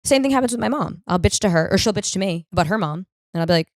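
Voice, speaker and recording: A woman's voice: medium pitch, lively intonation, fast talker, hardly any pauses, no room sound, clean studio sound. A young woman hosting a comedic solo podcast, telling self-mocking stories in a blunt, profane way. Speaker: podcast host.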